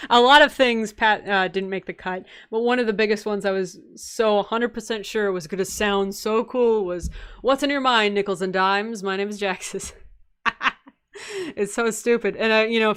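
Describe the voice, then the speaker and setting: A young woman chats her way through a live game stream, answering viewer questions in a loose, rambling way. She laughs often between answers and fills her pauses with ums and asides. Her voice sits at a middle pitch for a woman. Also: a bit bright, clear, resonant tone. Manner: rambling, with many fillers and asides. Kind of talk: casual live-stream chat.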